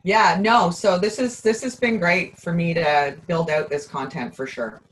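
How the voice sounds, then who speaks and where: A woman guest in a casual interview, upbeat and chatty, her voice a little hoarse. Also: on the low side, unhurried, rough recording. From Canada. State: slightly hoarse. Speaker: guest presenter, bookkeeper.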